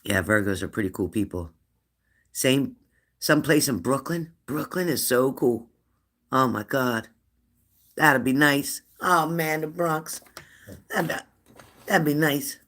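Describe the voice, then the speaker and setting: A man's voice: mid-range voice, lively intonation, slow pace, long pauses, a bit bright. A middle-aged man hosting a casual livestream, chatting with viewers, teasing them and repeating his questions. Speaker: livestream host. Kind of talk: casual livestream chat reading viewer comments.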